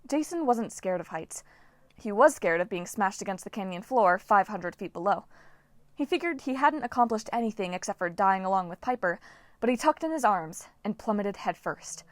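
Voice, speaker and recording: A woman's voice: medium pitch, no echo. Woman reading an audiobook, dry close sound. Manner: lively, dramatic reading. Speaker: audiobook narrator. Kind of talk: scripted narration.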